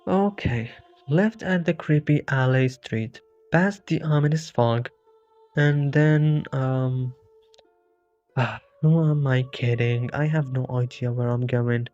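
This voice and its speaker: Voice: medium pitch, slow pace, darkish tone, lightly acted. Narrator doing a jittery wisecracking horror hero, sarcastic, game parody, lo-fi. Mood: flustered. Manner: sarcastic, self-mocking quips. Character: wisecracking bewildered male hero lost in a horror town. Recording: dull lo-fi with faint music.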